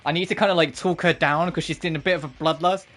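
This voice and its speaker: Low-voiced swearing woman streamer. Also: steady tone, fast, fairly bright tone, soft background music. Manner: chatty, swears freely. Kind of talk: casual gameplay commentary.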